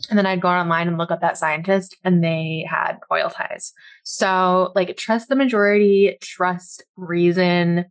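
A woman's voice: fairly low pitch, steady tone, unhurried. A woman co-hosting a podcast, talking casually with an exasperated, opinionated edge. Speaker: podcast co-host.

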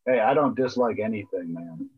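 Man, podcast co-host, casual chat, laid-back, husky voice, muffled lo-fi audio. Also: on the low side, lively intonation, moderate pace.

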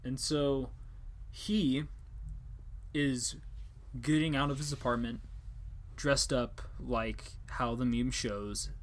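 A man's voice: mid-range voice, steady tone, slow, pauses often. A young man hosting a casual podcast chat, rambling and joking with casual swearing. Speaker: podcast host.

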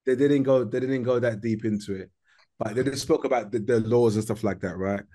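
Un homme d'âge moyen à l'londonien raconte une anecdote avec entrain, dans une discussion décontractée de podcast. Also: male voice, mid-range voice, brisk. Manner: animated storytelling, lots of slang. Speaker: podcast co-host. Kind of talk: casual chat.

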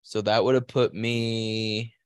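A man's voice: fairly low pitch, level tone, slow pace, clean tone, no room sound, studio quality. A man co-hosting a casual podcast, telling a crude story at length, rambling and laughing as he goes. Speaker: podcast co-host.

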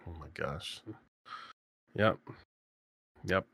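Opinionated man chatting, bright dry voice. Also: low voice, very slow, gravelly, no room sound. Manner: chatty, opinionated, laughs often. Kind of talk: casual chat.

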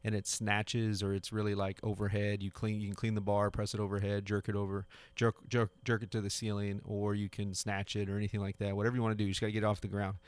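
In his home garage, a man in his thirties hosts a podcast, delivering a casual, earnest motivational monologue full of repetition and frequent restarts. His lowish, smooth voice is completely flat and quick with hardly any pauses, in a dry recording.

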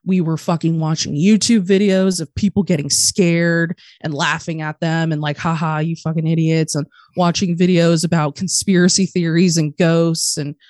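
A woman's voice: on the low side, fairly even intonation, normal speed, few pauses, a little mellow, no room sound, studio quality. A woman in her thirties, a podcast guest talking casually and bluntly, swearing often. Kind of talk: casual interview talk.

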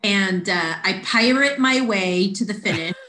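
A woman's voice: medium pitch, measured pace. Woman telling a story, roomy echo. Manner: animated, acts out quoted voices. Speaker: podcast guest. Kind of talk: casual storytelling.

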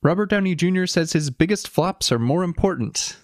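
A man co-hosting a casual podcast, reading quotes aloud and chatting with dry, deadpan humor. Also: sits high, brisk, no room sound. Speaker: podcast co-host.

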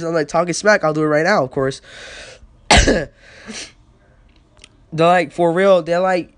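A man's voice: fairly high pitch, slow, long pauses, fairly bright tone, clear, resonant tone. A teenage boy hosting a casual podcast, sick and coughing, rambling with lots of fillers and swearing. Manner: rambling, profane, filler-heavy. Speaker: podcast host.

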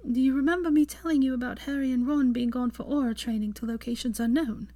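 Woman doing a tender young woman, high, soft, earnest, storybook reading. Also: steady tone, fast talker, no echo, natural voice.

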